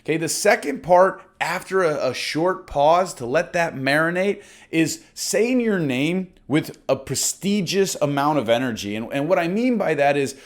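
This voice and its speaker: A young man with a voice on the high side coaches real estate agents on cold-call scripts in a course lesson. He talks at a moderate pace with few pauses, energetic and confident, demonstrating the lines aloud.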